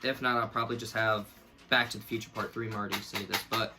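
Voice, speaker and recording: A man's voice: lowish voice, flat delivery, brisk, creaky, noisy background. A young man in casual, rambling commentary, mocking himself and laughing often as he reviews something he wrote as a kid. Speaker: YouTuber reviewing his own childhood book.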